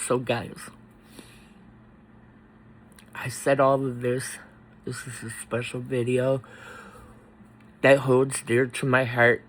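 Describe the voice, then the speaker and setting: A man talking in a personal vlog, halting and choked up, pausing often between words. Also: medium pitch, little pitch movement, rough recording. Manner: slow, halting, with many pauses and fillers. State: tearful, choked up. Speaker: faith vlogger.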